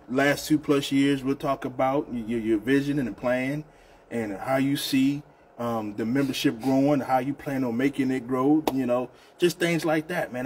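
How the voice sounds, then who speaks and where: Speaking at medium pitch with a darkish, breathy-edged tone, a Southern US man runs a relaxed union live stream. He chats loosely, repeats himself, and keeps addressing folks as "man."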